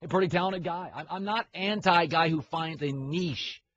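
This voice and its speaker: Fairly high in pitch with a fairly bright tone, this man speaks at a moderate pace while hosting a sports talk show. He meanders through his opinions and keeps interrupting himself to restart sentences, all over slightly muffled audio with a faint hiss.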